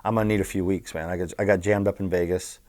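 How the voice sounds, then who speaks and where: A man's voice: low voice, quick pace. Blunt, profane middle-aged man. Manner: blunt, profane, animated storyteller. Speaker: interview guest, former bookmaker. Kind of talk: casual storytelling.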